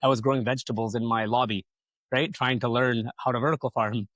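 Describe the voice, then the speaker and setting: A man's voice: medium pitch, fairly even intonation, quick pace, fairly bright tone, no echo. A man telling his business story as a podcast guest, rambling casually, swearing freely and acting out other people's lines. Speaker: podcast guest, solar company founder.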